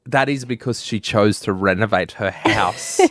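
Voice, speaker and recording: A man's voice: fairly low pitch, measured pace, fairly bright tone, no room sound, faint music behind. Wry man on radio banter. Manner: wry, dry humour. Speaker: radio co-host or producer. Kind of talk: casual banter on a radio show.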